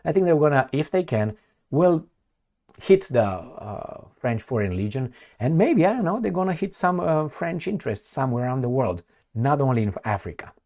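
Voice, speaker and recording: Sarcastic man with a lively voice. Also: medium pitch, normal speed. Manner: sarcastic, acts out quoted politicians in mocking voices, many fillers. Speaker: political commentary vlogger. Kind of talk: casual opinion monologue.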